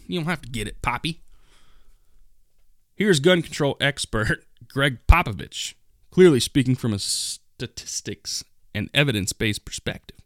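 A man hosts a solo commentary podcast, reading headlines aloud and mocking them with profane sarcasm. His voice sits in a middle pitch. The sound is dry and close, with no room around it. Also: sing-song, moderate pace, dry recording. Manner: reads news aloud and riffs on it. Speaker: podcast host.

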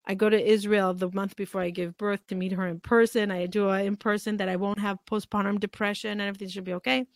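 A woman in her thirties recounts a hard stretch of her life as a podcast guest, her voice lively and full of feeling as she voices the people around her. Her pitch sits in an ordinary middle range. The recording is dry and close, with no room sound. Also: fast talker, few pauses, no room sound. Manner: emotional, animated retelling with quoted dialogue. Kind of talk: personal storytelling in a conversation.

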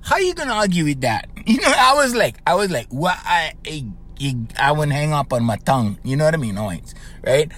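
A man's voice: a little high, sing-song, a little fast, a bit bright. A middle-aged man with a Hawaiian Pidgin-tinged accent, rambling casually as a life coach podcast host and tagging lines with "right?". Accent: Hawaiian Pidgin-tinged English. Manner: rambling, conversational, frequent "right?" tags; laughs often while telling stories. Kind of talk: casual monologue.

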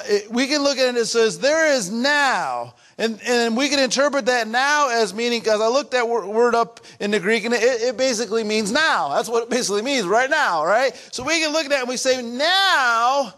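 A man's voice: extremely high pitch, fairly bright tone. A man preaching a sermon as pastor in a church, earnest and repetitive, building to emphatic outbursts.

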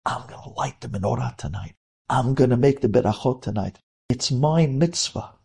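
A man's voice: medium pitch, moderate pace, vocal fry, a little mellow, breathy edge. A man voicing a young boy in a dramatic story, pleading and crying out in anguish. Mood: excited hushed. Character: young Jewish boy, eager and desperate.

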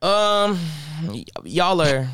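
A young man from Ohio chats casually as a podcast guest, loose and slangy, his pitch jumping high whenever he acts out what others said. The recording is dry and close, with little room sound. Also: very slow, smooth, dry recording. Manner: animated storyteller, slangy, voice jumps high when acting out people. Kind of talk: casual chat.

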